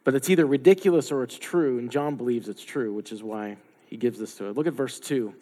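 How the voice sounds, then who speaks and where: A man's voice: medium pitch, fairly quick, mellow. A man giving a sermon in a conversational way, slipping into the voices of the people he quotes with playful asides. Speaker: pastor. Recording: long hall reverb.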